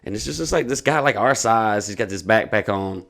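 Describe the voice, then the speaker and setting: A man's voice: fairly low pitch, animated, fairly quick, creaky, a bit bright. A man telling a long, profane, rambling story in casual podcast talk. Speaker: comedian.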